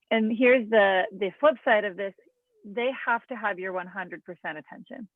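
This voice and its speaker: A woman therapist giving an online parenting talk in an earnest, gentle way, often acting out what a parent might say to a child. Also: mid-range voice, dry recording. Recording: tinny phone-like call audio.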